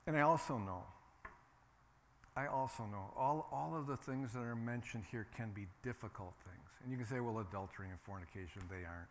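A man's voice: mid-range voice, normal speed, a little hiss or hum. A man preaching a sermon as pastor, emphatic and repetitive, leading the congregation to say lines with him. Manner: emphatic, repeats phrases, calls for congregation responses.

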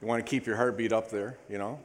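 A man preaching as pastor, leading the congregation in loud recitation. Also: lowish voice, steady tone, fast, a little hiss or hum. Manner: leads congregation in loud call-and-response recitation. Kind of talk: sermon. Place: church sanctuary. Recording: echoey church hall.

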